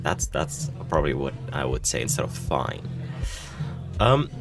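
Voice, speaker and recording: A man's voice: rumbling low, fairly even intonation, moderate pace, creaky, over music. A man hosting a gaming channel, reading a story game aloud and reacting in a casual, hesitant way. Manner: casual, swears freely, hesitant fillers.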